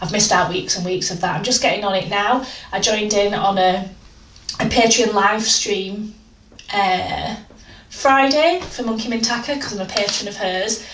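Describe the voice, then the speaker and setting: A woman's voice: medium pitch, normal speed, fairly bright tone. A woman chatting candidly and self-deprecatingly in a casual art vlog from her home art room. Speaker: art vlogger. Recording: roomy, distant home mic with faint noise.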